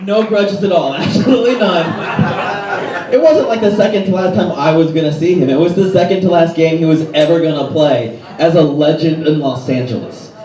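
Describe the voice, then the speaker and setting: A man's voice: fairly high pitch, crowd noise. Man, stand-up comedian, self-mocking punchlines, distant mic, roomy live sound. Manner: quick, self-mocking punchlines, laughs at own jokes. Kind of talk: stand-up set. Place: toy store with live crowd.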